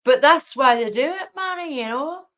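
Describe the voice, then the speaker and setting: Speaking at a moderate pace in an expressive, high-pitched, fairly bright voice, a woman hosts a casual late-night livestream from home. She rambles indignantly and welcomes viewers by name.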